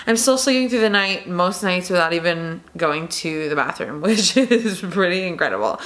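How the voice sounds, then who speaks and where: A woman's voice: fairly low pitch, animated, normal speed, fairly bright tone. Young pregnant woman, casual vlog Q&A, emotional, fillers and restarts. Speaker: vlogger.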